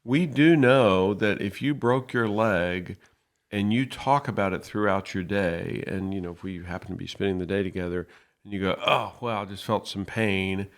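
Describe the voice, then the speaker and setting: Podcast co-host, male, low-ish voice, earnest explainer who slips into quoted dialogue. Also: normal speed. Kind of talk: casual podcast discussion.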